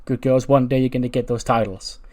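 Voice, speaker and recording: A man voicing a quick-tempered male wrestling-school teacher who lectures his class and flares into shouting. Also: mid-range voice, little pitch movement, close to an everyday voice. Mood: lecturing. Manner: lecturing, then shouting and challenging.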